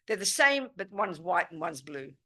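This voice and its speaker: Woman, Buddhist teacher, live retreat talk, emphatic and direct, keeps checking that listeners follow, bright, forceful tone. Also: fairly low pitch, big pitch swings, normal speed. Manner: emphatic and forthright, often checking "do you understand?". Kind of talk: live dharma teaching with questions and answers. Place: meditation center teaching room.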